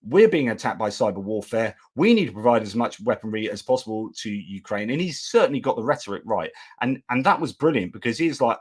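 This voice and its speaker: A British man with a lowish voice hosts a live stream and thinks out loud as he goes. He talks in loose, casual commentary and keeps restarting and correcting himself. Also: big pitch swings, fairly quick, hardly any pauses, slightly rough. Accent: British English. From United Kingdom. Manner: rambling, self-correcting stream of consciousness.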